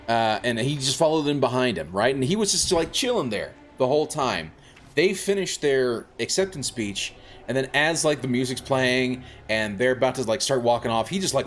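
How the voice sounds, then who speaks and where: A man streaming a video game, chatting casually in a rambling way with many fillers and laughing at himself. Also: medium pitch. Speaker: variety streamer. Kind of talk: casual gameplay commentary.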